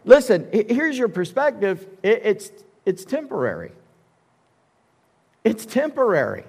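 A man's voice: high voice, sing-song, moderate pace, darkish tone, husky, big-room sound. A male pastor preaching a sermon in an emphatic, conversational way with casual asides. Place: church sanctuary.

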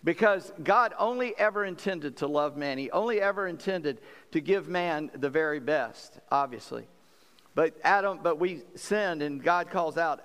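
Folksy pastor in a reverberant hall. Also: male voice, high voice, lively intonation, moderate pace, a bit bright. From South Carolina, US. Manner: folksy, conversational preaching with laughs and acted quotes. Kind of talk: sermon.

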